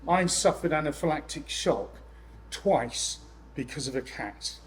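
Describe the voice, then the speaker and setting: A man presenting to a room of landlords, lively and jokey with exasperated asides. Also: a little high, measured pace, slight background noise, low-quality recording. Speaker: letting agent speaking at a landlord event. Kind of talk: live seminar presentation.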